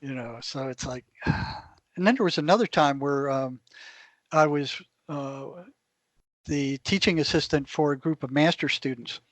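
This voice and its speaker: A former clinician appears as a guest, telling lively anecdotes at a measured pace and slipping into the voices of the people in his stories. His voice is slightly high, and the recording is dry with no surrounding room.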